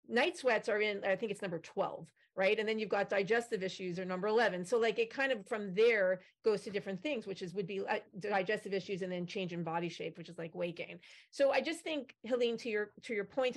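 A woman's voice: mid-range voice, brisk. A woman in her forties or fifties, in menopause, chatting casually on a video call panel and acting out quoted remarks. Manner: chatty, animated, acts out quotes. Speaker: panelist, company founder.

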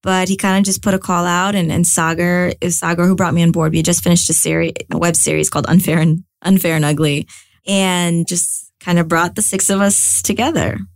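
Her gravelly voice runs on the low side and a little fast, captured without echo. The young US actress and comedian chats animatedly as an interview guest, restarting sentences and using plenty of fillers.

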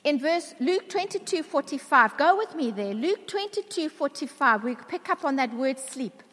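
A woman's voice: high voice, lively intonation, normal speed, fairly bright tone. A woman preacher giving a sermon to a church congregation, emphatic, asking the congregation questions. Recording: long reverb of a large hall.

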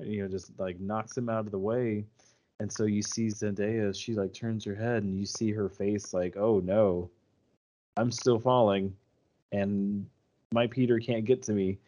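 A man's voice: fairly low pitch, mellow. A young man co-hosting a casual chat, retelling scenes with lots of fillers and restarts. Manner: rambling, many fillers and restarts.

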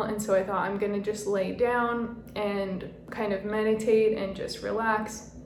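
Chatty young woman in an echoey room. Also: medium pitch. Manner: chatty, frequent "like" fillers, laughs at herself. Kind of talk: casual personal storytelling. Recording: roomy echo, faint background noise.

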